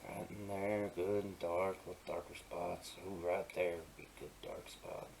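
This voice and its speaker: A man with a somewhat low voice talks through a digital painting tutorial. He keeps it soft and easygoing, slipping into quiet murmurs and playful asides. A faint hiss sits under the voice. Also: level tone, normal speed, creaky, rough recording. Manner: soft, gentle and easygoing, often dropping to a murmur; playful asides while working. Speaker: digital artist.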